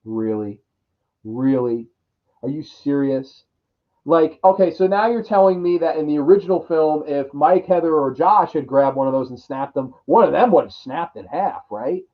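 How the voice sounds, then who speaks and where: A man's voice: on the high side, fairly quick, hardly any pauses. A man ranting through a crude, exasperated horror movie review, mocking the characters in put-on voices. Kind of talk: profane ranting film review. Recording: dull lo-fi audio.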